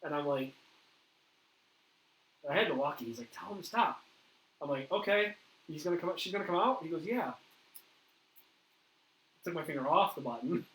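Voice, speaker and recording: A man hosting a paranormal interview, telling a ghost story in a lively way and acting out what others said. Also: on the high side, moderate pace, long pauses. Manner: animated storyteller, acts out quoted dialogue. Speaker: paranormal investigator host. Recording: echoey room with faint noise.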